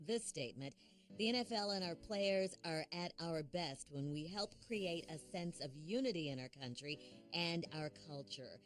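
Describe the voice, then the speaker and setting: Low-voiced female radio news co-host. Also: lively intonation, faint music behind. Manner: brisk newsreader delivery with affirming interjections. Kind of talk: morning radio news segment.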